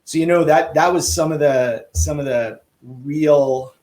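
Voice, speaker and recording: Male guest, swim coach, casual anecdotal storyteller, lively delivery with acted-out dialogue. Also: on the high side, unhurried, poor audio. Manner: lively, acts out quoted dialogue.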